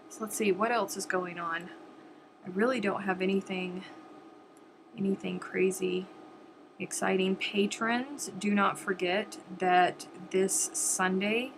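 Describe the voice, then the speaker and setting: A woman at a mid pitch hosts a relaxed crafting live stream, rambling casually and talking straight to her viewers. Her nose is stuffed up, so she sniffles as she chats. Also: vocal fry, background noise. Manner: chatty and rambling, addressing viewers directly. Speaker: crochet live-stream host.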